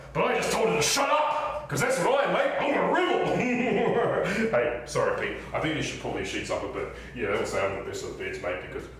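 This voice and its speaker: A man's voice: mid-range voice, a bit bright, a little hiss or hum. A man doing Troy, a boastful New lad. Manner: blokey, laughs at his own jokes, says mate a lot. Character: brash young male hospital worker, boastful. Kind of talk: solo stage play. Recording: roomy stage from far off.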